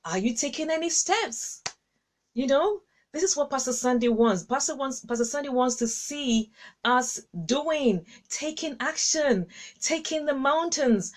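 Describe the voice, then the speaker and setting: At a measured pace, a woman hosting a live-streamed encouragement session chats casually with her viewers, effusive and affectionate. She laughs often, and her pitch keeps leaping upward.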